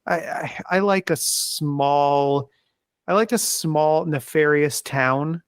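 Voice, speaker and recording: A man's voice: on the high side, dry recording, clean studio sound. A man on a podcast talking about a horror film with enthusiasm, building up playful comparisons. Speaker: podcast panelist. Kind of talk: casual film discussion.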